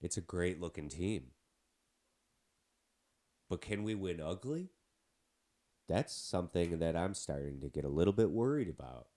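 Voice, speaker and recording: Congested deep-voiced man with a cold. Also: lively intonation, a little slow, pauses often, warm tone. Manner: chatty, rambling with asides. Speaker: podcast host. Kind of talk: casual sports podcast talk.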